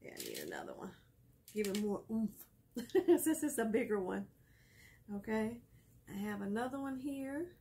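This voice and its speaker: A woman's voice: on the high side, wildly swooping pitch, normal speed, creaky, long pauses, warm tone, a little hiss or hum. A woman hosting a casual craft tutorial, chatty and laughing often as she explains each step while she works. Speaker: craft video host.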